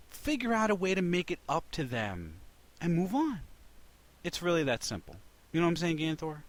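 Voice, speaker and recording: A man hosting a casual podcast, telling an animated story with lots of restarts. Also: sits high. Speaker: podcast host.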